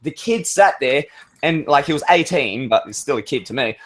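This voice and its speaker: A man's voice: fairly high pitch, lively intonation, normal speed. A man on an open-mic call, telling a long, rambling story in casual chat and swearing freely. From Australia. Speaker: caller.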